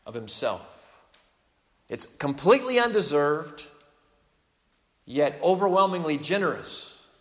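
A man's voice: fairly high pitch, fairly bright tone. Earnest male pastor preaching in a reverberant hall. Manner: earnest, emphatic preaching with frequent restarts and repeated words. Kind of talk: sermon.

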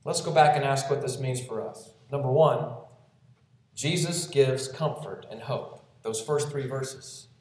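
Male preacher, gentle expository sermon, heavy room echo, mic set back. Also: mid-range voice, measured pace. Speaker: pastor. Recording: very echoey room, voice from a distance.

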